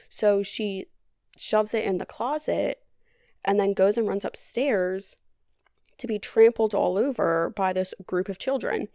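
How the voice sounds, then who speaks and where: A woman's voice: medium pitch, moderate pace, a little mellow, no room sound. A woman hosting a podcast, recapping a movie in a chatty, casual way with dry, sarcastic humor and a lot of "like". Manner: chatty, heavy on "like". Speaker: podcast host.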